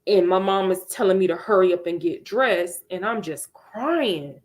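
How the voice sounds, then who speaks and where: A woman's voice: fairly low pitch, moderate pace. A woman podcast host earnestly telling a personal story, emphatic and candid. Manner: earnest, emphatic, with rueful laughs.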